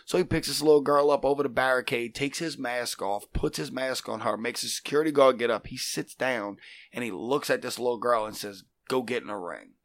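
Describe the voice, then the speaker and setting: Speaking fairly quickly in a mid-range voice, a middle-aged man who trains wrestlers shares stories as a guest in a casual conversation. He stays animated throughout, performing the dialogue in various quoted voices.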